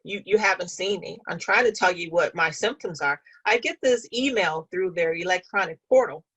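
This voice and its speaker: A woman's voice: on the low side, moderate pace, a bit bright, husky, rough recording. A woman guest in an interview, telling a personal story in an earnest, conversational way and speaking with conviction.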